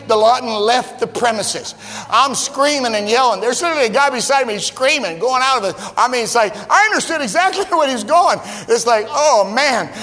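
High-voiced pastor preaching in a reverberant hall. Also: male voice. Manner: storytelling, rising to loud emphatic preaching. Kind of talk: sermon.

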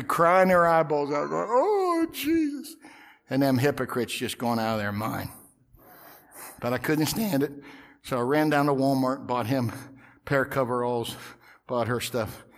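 A middle-aged male pastor telling a story in a sermon, swinging from loud outbursts to hushed whispers. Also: mid-range voice, normal speed.

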